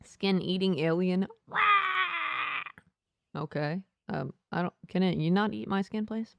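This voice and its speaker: A woman's voice: on the low side, moderate pace, vocal fry, muffled recording, a little hiss or hum. A woman streaming a game live, playfully reading the game's text aloud with asides.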